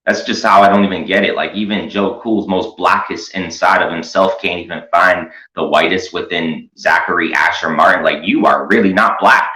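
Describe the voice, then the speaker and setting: A man's voice: sits low, moderate pace, few pauses, pushed and bright. A man hosting a commentary show, rambling through a crude, mocking, profane rant. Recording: echoey room.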